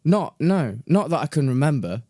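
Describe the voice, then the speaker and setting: A man's voice: fairly high pitch, very animated, moderate pace, dark tone, no room sound, clean studio sound. A man co-hosting a podcast, chatting casually, giggling and often trailing off mid-sentence. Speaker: podcast co-host. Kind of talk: casual chat.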